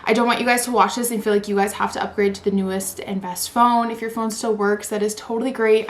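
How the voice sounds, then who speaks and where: A woman in her twenties unboxing a new phone in a vlog, gushing and squealing with excitement, saying "like" and "oh my god" constantly. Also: on the high side. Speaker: vlogger.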